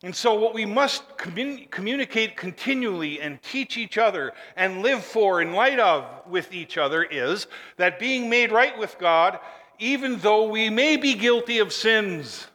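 A male pastor preaching a sermon, emphatic and building to forceful declarations, leading the congregation in call and response. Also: high voice, animated, unhurried, in a large hall.

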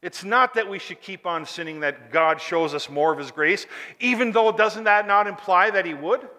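A male preacher delivering a sermon, emphatic and full of rhetorical questions, swinging between loud and hushed delivery in a church. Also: sits high, long reverb tail.

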